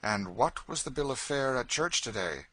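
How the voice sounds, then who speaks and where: A man voicing an easygoing gentleman father who talks in a dry, teasing way. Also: medium pitch, animated, normal speed, slightly rough, dry recording, pitched above the performer's own voice.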